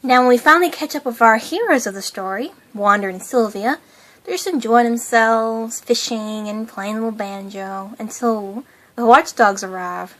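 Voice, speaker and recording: Young woman fan host, chatty and gushing, slightly high voice. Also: moderate pace, a bit bright. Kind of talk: casual cartoon commentary.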